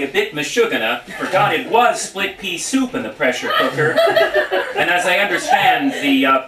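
A man reading a comic tribute story aloud at a family party, playful and often prompting the listeners to join in. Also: a little high. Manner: lively, playful, breaks off to prompt the audience. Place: living room of a family home. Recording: roomy, distant, noisy home recording.

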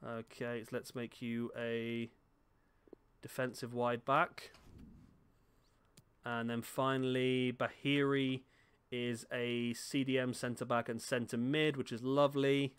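In a home room, a man narrates a football game for his gaming YouTube channel, chatting casually, talking to the players on screen and mocking himself. He speaks slowly in a medium-pitched, level, clean voice.

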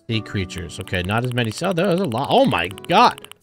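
A young man giving excitable, cursing let's-play commentary while thinking aloud. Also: medium pitch, normal speed. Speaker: gaming channel host. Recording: game music behind.

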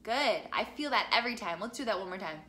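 A woman's voice: medium pitch, expressive, fast talker, sharp tone, slight background noise. A young woman from the Midwest teaching a singing lesson, chatty and encouraging as she walks through vocal exercises. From American Midwest.

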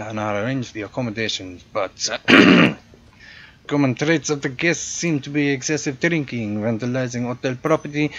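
A man's voice: medium pitch, fairly bright tone, lo-fi sound, pitched above the performer's own voice, lightly acted. A man voicing a fussy, proud male French hotel concierge in a put-on French accent, polite and theatrical, with a gleefully morbid edge.

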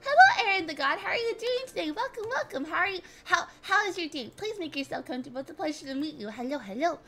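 A woman's voice: very high voice, sing-song, quick pace, pushed and bright. A woman streamer chatting with her viewers, still getting over a cold, her voice cracking now and then, bubbly and giggly as she greets people one by one. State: recovering from illness, voice cracking. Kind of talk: casual live-stream chat with viewers.

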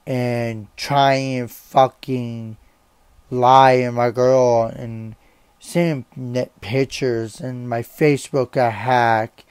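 A young man vents his anger in a slow, halting rant, swearing and circling back over the same words. His voice is clear and smooth. It sounds close and dry, with no room around it. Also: mid-range voice, level tone, darkish tone, no room sound. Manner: swearing, halting, repeats himself. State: angry and upset. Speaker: vlogger. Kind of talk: angry rant to camera.

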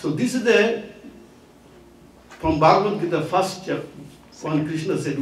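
A male preacher tells a parable in a high, lively voice that leaps up and down. His voice echoes around a temple hall from a distant mic. Faint noise sits underneath. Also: a little slow. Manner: animated, laughing storyteller. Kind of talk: storytelling sermon.

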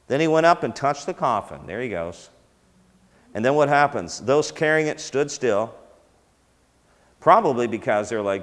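A man's voice: mid-range voice, animated, moderate pace. A man teaching in sermon style, talking conversationally with fillers and restarts. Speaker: teacher of a ministry school. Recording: long hall reverb.

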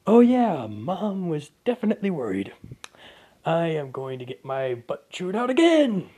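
A man's voice: a little high, big pitch swings, unhurried, mellow, slightly rough, heavily acted. A man voicing a sheepish young male hero who mutters nervously to himself, in a fan-made story.

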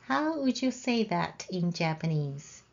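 A woman teaching a language lesson, explaining grammar patiently and saying example sentences out loud. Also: on the low side, big pitch swings, a little slow, creaky, lo-fi sound. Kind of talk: slow, careful lesson explanation.

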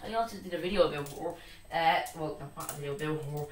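A man's voice: fairly high pitch, quick pace, slight background noise. A young Irish man chatting casually in a vlog, telling rambling, giggly stories from his room. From Ireland. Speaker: vlogger. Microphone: laptop mic from a distance. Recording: echoey room, far from the mic.

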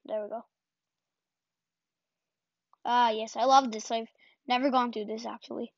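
High-voiced excitable woman gaming, dry lo-fi sound. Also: unhurried, pauses often, no room sound. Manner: excitable, self-deprecating, yelps and repeats words in bursts. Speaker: gaming channel host. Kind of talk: casual gameplay commentary. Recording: dull lo-fi home recording.

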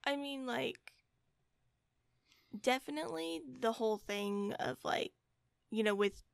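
Young female co-host, gravelly voice, halting and filler-heavy, dry sound. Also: a little high, lively intonation, no echo. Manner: halting, many "like" and "you know" fillers. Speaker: podcast co-host. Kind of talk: casual chat.

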